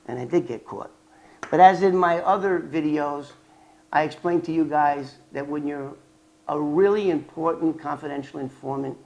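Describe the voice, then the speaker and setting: An older man vlogging about his past as an informant, telling it in a rambling, animated way with restarts and fillers. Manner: animated, acts out quoted dialogue with sharp jumps in pitch and loudness. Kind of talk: casual storytelling vlog.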